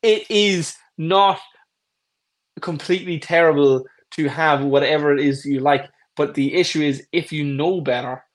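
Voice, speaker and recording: A man's voice: fairly high pitch, measured pace. A man co-hosting a casual podcast as a fitness coach, talking bluntly and jokingly about diet. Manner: blunt, jokey, puts on voices for quoted people. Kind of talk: casual chat.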